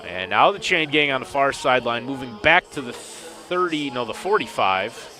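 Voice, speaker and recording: A man doing play-by-play commentary on a football game, with a bright, forceful voice. He mixes quick calls of each play with dry, wry remarks about the confusion on the field. Faint music sits behind him. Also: mid-range voice, lively intonation. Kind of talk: sports commentary.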